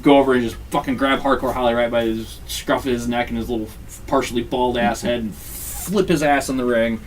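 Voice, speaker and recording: With a mid-range voice and a fairly quick pace, a podcast host casually recounts a wrestling game over a distant mic with slight background noise. He's animated and profane, acting out lots of quotes.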